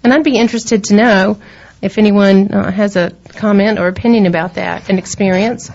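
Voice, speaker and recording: A woman's voice: mid-range voice, fairly even intonation, a little mellow. Chatty Southern woman radio host. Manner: chatty, rambling, quick to laugh. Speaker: radio talk show co-host. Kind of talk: casual on-air chat. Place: radio studio. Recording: dull lo-fi radio recording.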